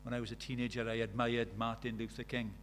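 A man's voice: medium pitch, little pitch movement, fast talker, a little hiss or hum. An older man, preaching a sermon in a conversational way, full of rhetorical questions.

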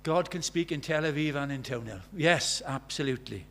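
A man preaching a sermon, conversational and animated, swinging from loud exclamations to quiet, intimate tones. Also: on the high side, a little fast, a little hiss or hum. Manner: conversational, uses quoted dialogue and filler words.

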